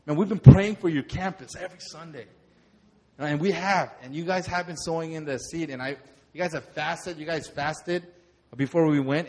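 A young man, a pastor, telling a lively sermon testimony and acting out the moments in his story. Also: a little high. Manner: animated storytelling, acts out shouts.

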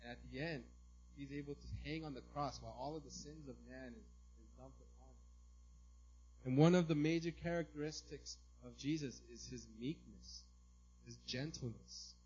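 A man preaching a sermon as a pastor, in a conversational way, often checking in with "right?" and now and then breaking into loud mimicry. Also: mid-range voice, moderate pace, highs cut off, a little hiss or hum.

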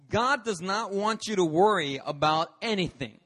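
A man's voice: sits high, lively intonation, normal speed, hardly any pauses, a bit bright. A man, a pastor, preaching a sermon in an emphatic, storytelling manner at a church service. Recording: long reverb of a church hall.

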